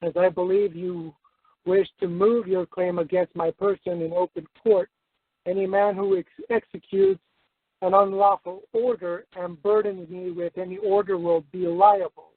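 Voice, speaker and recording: A male caller reading a prepared letter aloud, hesitant and halting. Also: high-pitched, dry recording. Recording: tinny phone-line radio audio.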